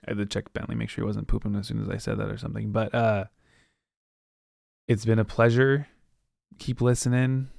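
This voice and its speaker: Casual low-voiced podcast host. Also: male voice, flat delivery, gravelly, a little mellow, no room sound, clean studio sound. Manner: rambling, acts out characters with quick voices. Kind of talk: casual book recap monologue.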